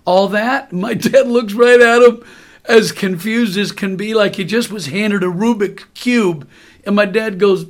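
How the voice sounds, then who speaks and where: A man in his sixties, a podcast host, telling a story in a lively way and chuckling now and then. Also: high-pitched, a little slow. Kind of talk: storytelling anecdote.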